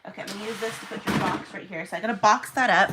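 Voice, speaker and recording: A woman's voice: mid-range voice, fast talker, heavy background noise. A young woman chatting to viewers on a live stream while packing orders at home, talking freely as she works. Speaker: small shop owner packing orders. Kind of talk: casual live-stream chat.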